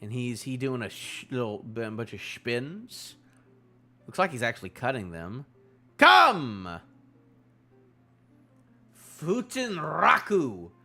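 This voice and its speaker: A man streaming a live manga reaction with a bright, forward voice that leaps all over his pitch range. He gets excited, repeats himself and wanders off on tangents. Faint music plays underneath. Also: normal speed.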